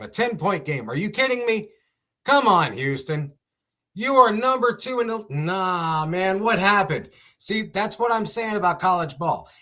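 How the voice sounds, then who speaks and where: A young man hosting a casual sports commentary segment, talking in an excitable, exclamatory way. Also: medium pitch.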